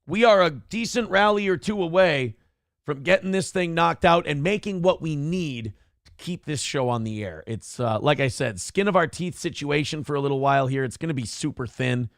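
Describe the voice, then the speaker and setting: A man's voice: on the high side, normal speed, creaky, dry recording, studio quality. A man hosting a livestream talk show. He reads viewer comments aloud and rants with plenty of profanity. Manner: ranting and profane. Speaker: live show host.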